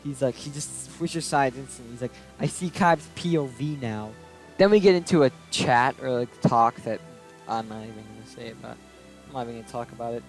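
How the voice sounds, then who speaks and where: A man's voice: mid-range voice, steady tone, a little fast, rough recording. A young man vlogging a casual storytime rant, aggrieved and swearing freely as he recounts a falling-out. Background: soft background music.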